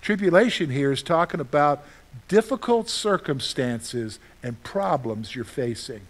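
A middle-aged man preaching a sermon as pastor, lively and conversational, asking his listeners questions and answering them himself. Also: fairly high pitch, unhurried. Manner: animated, asks the congregation questions and answers them; acts out his own panicked reactions for humor.

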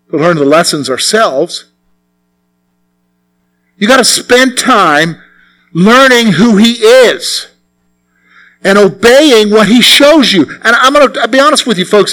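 Delivering a sermon, this older man sounds earnest and leans on repeated phrases for emphasis. He swings from quiet to forceful, and his voice sits high.

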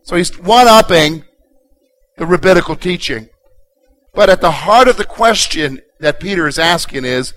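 A male pastor delivers a sermon in a slightly high voice. He moves from steady scripture reading to loud, emphatic rhetorical questions. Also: measured pace, soft background music, low-quality recording.

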